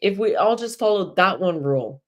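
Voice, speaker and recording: A woman's voice: medium pitch, expressive, moderate pace. A woman hosting a live spiritual energy show, talking casually and chattily to viewers and laughing often.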